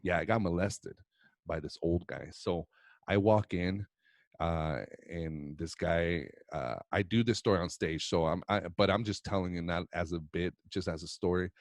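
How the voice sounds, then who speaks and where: Casting: low-voiced man, stand-up comic, loose and profane storyteller, dry close sound. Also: moderate pace, dry recording. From Reno, Nevada. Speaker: stand-up comedian guest. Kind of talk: casual storytelling.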